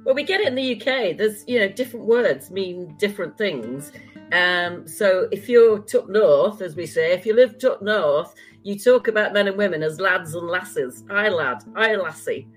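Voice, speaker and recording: A woman's voice: medium pitch, animated, faint music behind, low-quality recording. An older woman with a standard British accent, a former journalist chatting as a guest in an interview. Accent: standard British (BBC English). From United Kingdom. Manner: chatty, quick asides and light laughter. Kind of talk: casual interview conversation.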